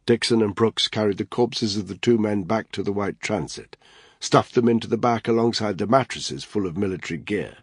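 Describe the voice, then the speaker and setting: A man narrating an audiobook thriller in steady, even storytelling. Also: on the low side, slightly rough, dry recording, studio quality.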